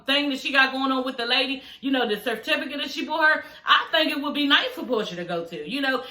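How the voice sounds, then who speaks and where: A woman's voice: sits high, pushed and bright. A woman chatting casually as a reality TV reviewer, sassy and profane, full of "you know" and "y'all". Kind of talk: casual recap chat. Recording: echoey room.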